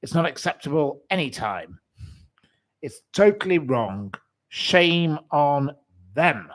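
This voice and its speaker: A man in his forties vents on his channel, indignant and repetitive as he stacks up insults. His voice sits fairly high for a man. He takes his time over each outraged sentence. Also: big pitch swings, slow. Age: 40s. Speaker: channel host. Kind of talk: ranting livestream commentary.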